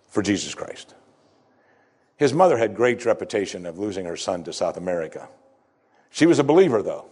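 Addressing his congregation, a pastor with a fairly low, slightly mellow and husky voice tells a story in his sermon. He is emphatic, using deliberate dramatic pauses and slowing down on the lines that matter most.

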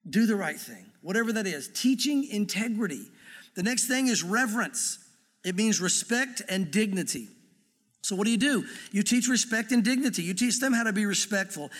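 A middle-aged man preaches in a high, light voice. His delivery is earnest and conversational, with touches of gentle humor. The sound rings with the long reverb of a large hall. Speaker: pastor. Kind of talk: sermon.

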